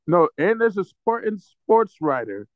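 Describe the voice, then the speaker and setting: A man's voice: sits high, very animated, measured pace, no echo. A man co-hosting a sports podcast, ranting angrily and profanely with comic threats. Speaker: podcast co-host. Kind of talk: casual sports podcast rant. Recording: dull lo-fi, dry sound.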